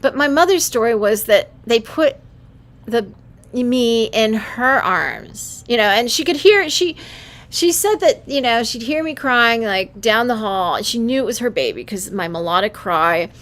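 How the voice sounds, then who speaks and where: Bright, animated woman livestreamer. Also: a little slow. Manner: animated, breaks into high squeals when quoting herself, frequent laughs and restarts. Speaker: livestream host. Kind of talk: casual monologue.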